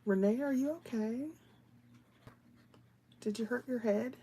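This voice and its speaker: A woman's voice: fairly high pitch, unhurried, dark tone, slight background noise. A woman hosting a live stream, chatting casually with viewers as she colors, laughing often and slipping into whispers while she works. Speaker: livestream host.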